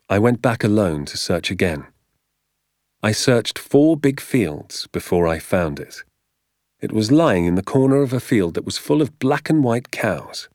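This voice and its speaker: A man narrating a storybook in a measured, expressive telling. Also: sits low, dry recording, clean studio sound. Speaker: audiobook narrator. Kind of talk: scripted narration.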